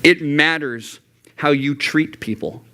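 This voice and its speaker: A young man preaching to a youth group in a church room, his voice a little higher than most men's. He talks earnestly and often leaps into high, animated quoted voices. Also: slow pace. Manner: earnest, swings into high animated voices when quoting God and himself. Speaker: youth pastor. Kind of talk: youth sermon.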